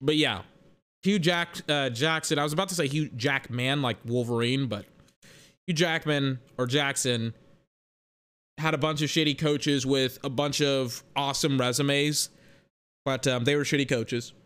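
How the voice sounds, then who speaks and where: A man's voice: medium pitch, unhurried, a bit bright, smooth. A young man in a casual, rambling sports rant that is profane and full of self-corrections.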